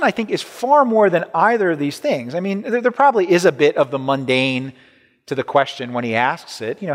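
A man's voice: fairly high pitch, sing-song, moderate pace, long reverb tail. A man preaching a sermon in a conversational way, often repeating words and checking in with "right?". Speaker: pastor.

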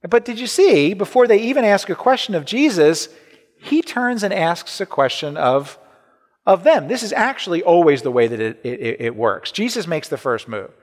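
A man with a slightly high voice preaching in a lively, swinging way. He talks to the congregation like a conversation, repeating words and tossing in "right?" His voice rings with the long reverb of a large church hall. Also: normal speed. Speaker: pastor. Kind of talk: sermon.

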